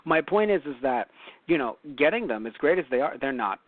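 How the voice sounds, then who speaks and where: A man's voice: fairly high pitch, very animated, a little fast, no room sound. A man from New York co-hosting a casual talk show, rambling and correcting himself with lots of fillers. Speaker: podcast co-host. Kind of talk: casual chat. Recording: dry, phone-like lo-fi audio.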